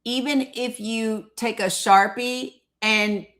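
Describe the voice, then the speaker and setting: A woman's voice: on the high side, fairly even intonation, slow, fairly bright tone. A woman hosting a live stream, teasing and skeptical as she presses her caller with repeated pointed questions and laughs often. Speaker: livestream host. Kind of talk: casual live-stream debate.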